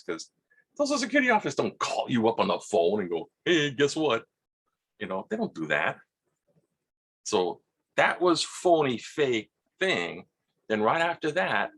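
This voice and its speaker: Speaking with a Hawaiian accent, a male vlogger with a lowish, slightly bright voice rambles through a personal story. He halts and repeats words, and voices the quotes in a husky tone.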